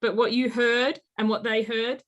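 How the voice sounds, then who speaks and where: A woman in her late thirties, a life coach telling stories in an interview and acting out quoted speech with lively energy. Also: a little high, normal speed. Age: late 30s. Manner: animated storyteller, acts out quotes. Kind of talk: conversational interview.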